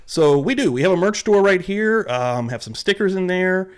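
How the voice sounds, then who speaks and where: Excitable young male streamer, lively and a touch high, casual and profane. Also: normal speed, clean tone. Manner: animated, excitable, swears casually. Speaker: livestream host. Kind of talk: casual livestream chat.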